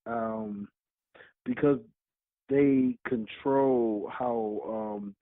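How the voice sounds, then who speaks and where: A man's voice: mid-range voice, no room sound. A man co-hosting a podcast, talking bluntly with lots of swearing and laughing while he teases his friends. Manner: blunt, profane, laughs a lot while teasing. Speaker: podcast co-host. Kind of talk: casual chat. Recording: tinny phone-like line.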